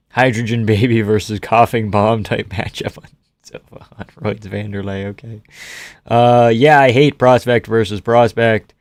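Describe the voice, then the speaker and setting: A man's voice: fairly low pitch, a little mellow, no room sound. Male streamer, casual rambling chat, reads comments aloud, dry close mic. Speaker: livestream host.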